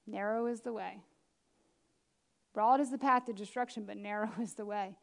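A woman preacher giving a lively, chatty sermon with self-deprecating asides. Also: mid-range voice, normal speed, creaky. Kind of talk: conversational sermon.

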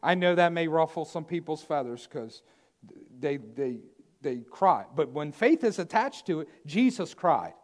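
A man preaching a sermon, emphatic and repetitive, swinging between loud declarations and hushed asides. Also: a little high, lively intonation, a little slow.

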